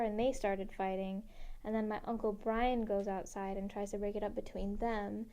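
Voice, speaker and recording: A woman's voice: mid-range voice, level tone, unhurried, mellow, clean tone. A young woman telling a personal story in a casual, rambling way, full of fillers and freely swearing. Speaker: interviewee.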